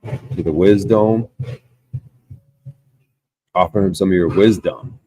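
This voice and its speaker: This livestream host has a low, slow, warm and husky voice with no room sound. He reads the chat out loud and argues with it insistently, swearing constantly in a casual, profane rant.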